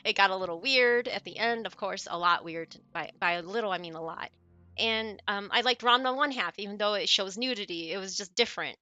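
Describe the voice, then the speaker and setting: Forties streamer woman, higher than usual for her age, earnest and rambling, casual delivery. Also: bright, forceful tone. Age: 40s. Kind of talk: casual chat.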